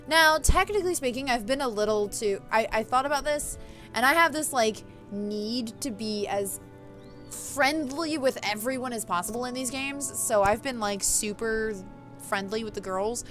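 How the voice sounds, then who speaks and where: A woman hosting a let's play, chatting casually and excitedly, swearing and laughing at herself. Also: a little high, moderate pace, faint music behind. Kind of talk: casual game commentary.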